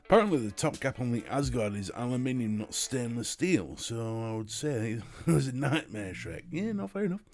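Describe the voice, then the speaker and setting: British male streamer, mid-pitched, easygoing and sweary, faint music underneath. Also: sing-song, a little fast, hardly any pauses, a little mellow. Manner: chatty, swears freely, reads and answers chat. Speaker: livestream host. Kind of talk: casual live-stream chat.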